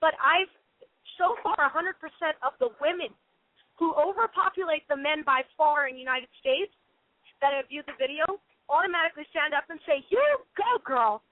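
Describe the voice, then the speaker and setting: A woman's voice: high voice, no echo. Passionate woman on a tinny phone line. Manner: passionate, emphatic, quick restarts. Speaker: guest, professional boxer. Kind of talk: phone-in radio talk. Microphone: telephone.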